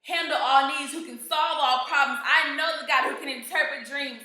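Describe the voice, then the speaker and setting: A woman's voice: high voice, steady tone, normal speed, pushed and bright, heavy reverb. A woman playing a faithful young male prisoner who makes determined, repeated declarations. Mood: hopeful.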